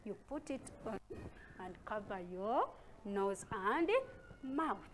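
A woman with a Ugandan accent teaching a reading lesson to young children, sounding out syllables slowly and calling out each sound with loud emphasis. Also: medium pitch, expressive, a little hiss or hum. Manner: slow, sounds out syllables with loud stressed calls. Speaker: primary school teacher.

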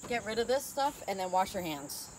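A woman's voice: mid-range voice, expressive, normal speed. Giggly woman gardening outdoors. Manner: giggly, bossy, exclaims loudly. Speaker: co-host. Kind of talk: casual gardening chat. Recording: outdoor noise, crickets. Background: crickets and birds.

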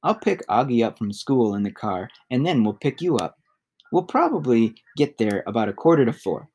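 A man's voice: medium pitch, very animated, moderate pace, darkish tone, husky. A man reading aloud and voicing a caring, worried mother who apologizes and fusses. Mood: fussing. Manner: apologetic, fussing.

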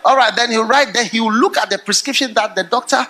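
Middle-aged male pastor, sermon delivery, animated storyteller with a sharp, high voice. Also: a little fast. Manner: animated storytelling that swings to loud laughing outbursts.

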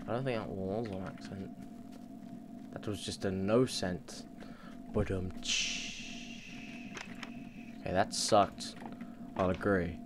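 A man with a fairly low voice chatters his way through a let's play, rambling and swearing as he talks to himself. He sounds like he's recorded on a plain computer mic. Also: fairly even intonation, measured pace, pauses often, slight background noise. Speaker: gaming channel host. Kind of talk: casual let's play commentary.

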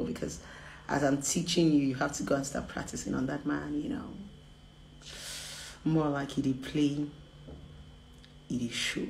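A woman chats candidly with her viewers, teasing and laughing. Her voice sits a little low for a woman. The room echoes, with a faint hiss underneath. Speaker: relationship coach. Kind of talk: frank casual vlog talk.

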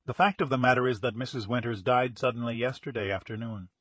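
A man voicing a gruff middle-aged police inspector who talks in a brisk, commanding way, read as an audiobook character. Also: mid-range voice, fairly bright tone, no room sound, close to an everyday voice.

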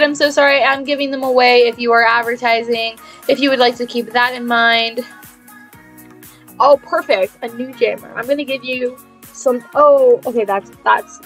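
A young woman chatting through a game live stream in a fairly high voice. She talks in a mock-dramatic, sarcastic way and keeps repeating herself. Soft music plays quietly behind her. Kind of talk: casual live-stream chat.

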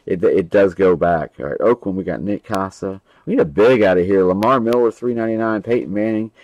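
Male host, young adult, lower voice, casual and rambling, reads out card pulls. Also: brisk, a little mellow, lo-fi sound. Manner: casual, rambling, calls out names and card numbers. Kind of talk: live stream card break chat.

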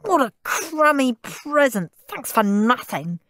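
A woman's voice: high voice, very animated, slow, fairly bright tone, dry recording, studio quality, voice pushed up, full character voice. A woman voicing a spoiled, stuck-up young boy who whines, screams and sulks. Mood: whiny. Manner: whiny, screaming, sulky.

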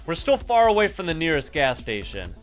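A man's voice: fairly high pitch, wildly swooping pitch, brisk, faint music behind. A man playing a plain-spoken bus driver. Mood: matter-of-fact.

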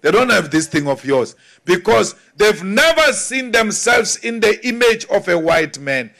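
A high-pitched man with a South African accent delivers a rally speech at an unhurried, deliberate pace. His oratory is defiant and emphatic, driving points home through repetition. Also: sing-song, vocal fry, pushed and bright. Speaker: political speaker.

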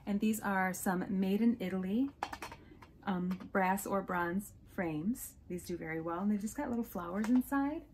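A woman's voice: medium pitch, normal speed. Woman, resale vlogger, chatty show-and-tell, gushing, hiccuping, faint background hiss. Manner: chatty, gushing over small finds. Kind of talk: casual show-and-tell haul.

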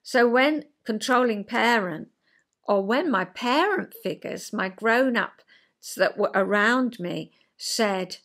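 Chatty woman, higher voice. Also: takes it slowly, fairly bright tone. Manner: acts out quoted voices with big pitch jumps; chatty, checks in with listener. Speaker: podcast host. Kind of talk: casual chat explaining psychology.

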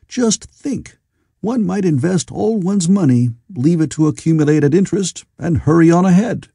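A man reads as an eager, excitable very young Victorian man. His pitch rises and falls in a lively way over a mellow tone, and the sound is dry. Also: moderate pace, breathy edge, no room sound, heavily acted.

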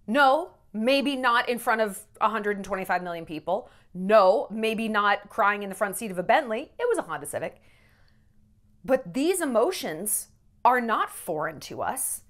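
Woman vlogger, lively pitch, raw and unfiltered, swears freely. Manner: candid, profane, rambling; emotional, tearful at times. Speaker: celebrity gossip vlogger. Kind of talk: casual vlog monologue.

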